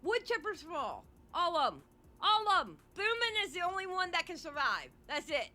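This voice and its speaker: A woman streamer reacting live to a video, with loud, animated and profane outbursts. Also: very high-pitched, normal speed.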